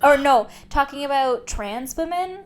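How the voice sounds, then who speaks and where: A young woman co-hosts a casual podcast chat. Her voice sits fairly high, and she laughs often and swears bluntly. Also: lively intonation, a little slow. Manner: giggly, blunt, swears freely. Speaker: podcast co-host.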